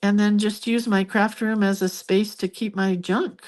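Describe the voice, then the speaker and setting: A woman's voice: mid-range voice, steady tone, a little slow, darkish tone. A woman hosting a hand-lettering livestream, chatting in a rambling, reminiscing way while she draws in her living room at home. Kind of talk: casual chat while drawing.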